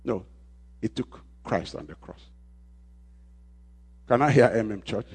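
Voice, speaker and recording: Husky preaching man, call and response. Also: on the low side, expressive, a little slow. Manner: call-and-response preaching, repeating phrases, swings from shouting to quiet. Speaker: pastor. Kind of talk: sermon.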